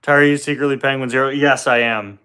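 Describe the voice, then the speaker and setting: A man's voice: medium pitch, fairly even intonation, quick pace, pushed and bright, clean tone. A young man hosting a casual live question-and-answer stream from home, joking and tripping over his words, talking into a phone on a tripod. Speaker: livestream host.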